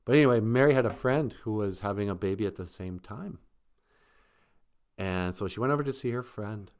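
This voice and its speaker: A man's voice: on the low side, fairly quick, darkish tone, smooth. A man casually retelling a story on a live stream, joking and chuckling.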